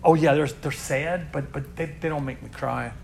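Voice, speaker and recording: A man leading a youth group preaches through hard stories, earnest and repeating himself as he builds. His voice sits a little high, sinking to near whispers and then swelling loud. Faint noise hums behind him. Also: steady tone, moderate pace, creaky. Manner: earnest, swings from hushed to loud emphasis; repeats words while building up. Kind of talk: inspirational sermon storytelling.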